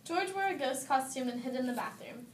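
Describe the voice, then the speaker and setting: A woman's voice: high-pitched, lively intonation, brisk, far from the mic, a little hiss or hum. Woman reading a children's story, echoey.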